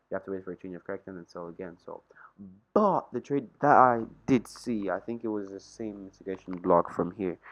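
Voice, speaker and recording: A man's voice: deep voice, muffled recording. A young man casually walking through a trading chart, thinking aloud in a slangy, rambling way. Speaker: trading vlogger. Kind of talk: casual screen-share trading walkthrough.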